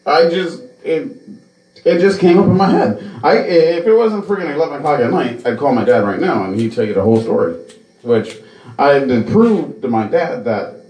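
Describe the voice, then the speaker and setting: A man's voice: on the high side, expressive, normal speed, a little mellow, reverberant, poor audio. A man hosting a podcast, telling a story in a casual, profane way. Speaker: podcast host.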